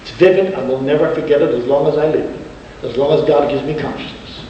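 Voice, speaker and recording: Earnest rabbi in an echoing hall. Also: male voice, a little high, fairly even intonation, mellow, slight background noise. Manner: earnest, slowing down with dramatic pauses. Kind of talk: emotional storytelling sermon. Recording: distant, dull echoey hall.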